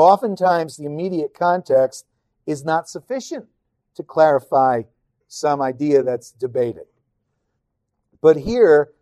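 A man teaching on a Bible passage in a measured, emphatic way, often repeating phrases for stress. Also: high voice, mellow, no echo, clean studio sound.

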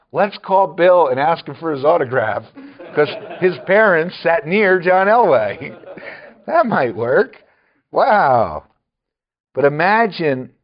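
Slow, chuckling male preacher. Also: a little high, lo-fi sound. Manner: chuckles often, wry asides. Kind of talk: sermon.

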